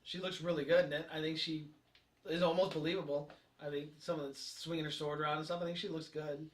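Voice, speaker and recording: Man co-host, relaxed film chat, high bright tone, roomy distant mic. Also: fast. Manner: easygoing, hesitant with fillers. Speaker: podcast co-host. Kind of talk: casual movie review chat.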